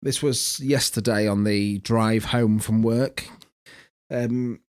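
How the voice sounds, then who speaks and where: A man's voice: on the low side, fairly even intonation, slow pace, a little mellow. A man co-hosting a podcast, telling family stories with plenty of swearing and laughter. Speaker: podcast co-host. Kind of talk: casual banter, storytelling.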